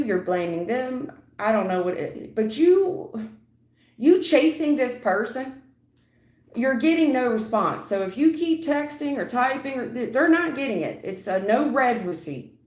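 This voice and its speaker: A woman tarot reader with a fairly high voice talks straight at her viewers live. She is blunt and preachy and keeps calling people honey and sweetheart. Her voice bounces around an echoey room. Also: a little mellow. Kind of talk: live-stream tarot reading.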